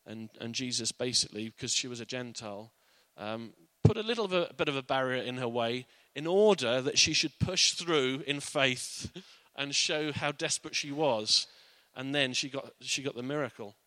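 Man, earnest Bible teacher, conversational, bright tone, dry close sound. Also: medium pitch, animated, normal speed, hardly any pauses, no echo.

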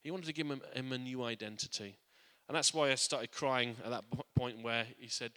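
A man preaching a sermon to a congregation. He speaks earnestly, often restarting or repeating words, and drops quiet and soft on his reflective points. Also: medium pitch, brisk, hardly any pauses, smooth. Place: church. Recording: long church hall reverb.

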